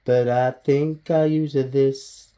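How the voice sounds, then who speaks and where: A man's voice: mid-range voice, steady tone, takes it slowly, mellow, a little hiss or hum. A man vlogging as he works on a bonsai, chatting casually, bantering with himself and swearing freely. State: out of breath. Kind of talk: casual self-talk while working.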